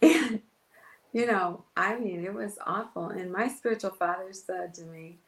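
A woman's voice: fairly low pitch, unhurried, reverberant, poor audio. A woman pastor telling an emotional personal story in an interview, acting out her own past words. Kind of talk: testimony in an interview.

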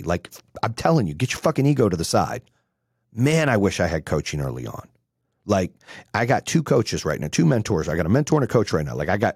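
A man's voice: low voice, a little mellow, husky, dry recording, clean studio sound. A man in his forties giving a blunt, profane motivational talk as a business coach, swearing freely and speaking with brash conviction. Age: 40s.

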